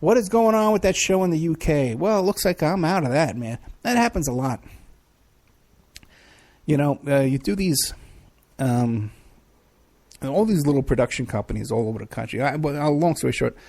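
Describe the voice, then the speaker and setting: A man's voice: on the high side, lively intonation, normal speed, long pauses, darkish tone. A middle-aged man hosting a talk show, rambling casually through viewer questions with many hesitations. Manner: rambling, chatty, frequent hesitations. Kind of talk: casual livestream chat.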